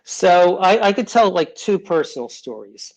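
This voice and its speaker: A man's voice: high voice, big pitch swings, moderate pace, a little mellow, rough recording. Rambling man telling stories in his 60s. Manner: rambling, many restarts, acts out family voices. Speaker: children's book author, guest. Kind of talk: casual interview talk.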